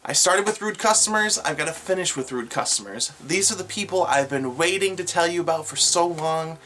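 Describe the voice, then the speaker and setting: A young adult vlogger telling workplace stories to camera in an animated, exasperated, sarcastic way. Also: mid-range voice, a little fast, slight background noise. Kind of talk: storytelling rant to camera.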